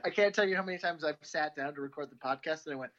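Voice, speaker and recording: A man's voice: a little high, lo-fi sound, crowd noise. A man, co-hosting a podcast in easygoing, agreeable casual chat. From Midwestern United States. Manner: easygoing, agreeable, quick to laugh along. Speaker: podcast co-host.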